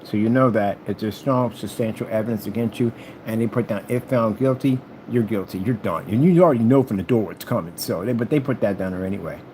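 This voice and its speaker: A man's voice: lowish voice, fast talker, warm tone. Taunting man over air conditioning hum. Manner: taunting, repeats stock phrases, hums while typing. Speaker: YouTuber addressing a rival. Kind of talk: rambling confrontational monologue.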